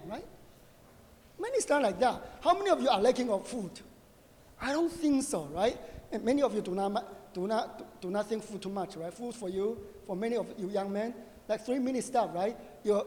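A middle-aged man preaching a conversational sermon, animated and joking, often asking his listeners "right?". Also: high voice, moderate pace. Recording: long reverb of a hall.

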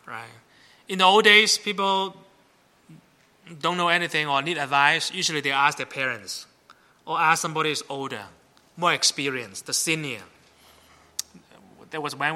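A man's voice: a little high, normal speed, pauses often, sharp tone. A middle-aged man preaching a sermon as pastor, chatty and often checking in with the congregation. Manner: conversational, asks the congregation "right?".

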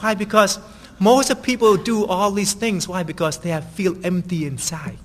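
A man's voice: high voice, animated, normal speed, a bit bright, long reverb tail. A man preaching a sermon in a conversational way, often asking "right?" as he tells stories.

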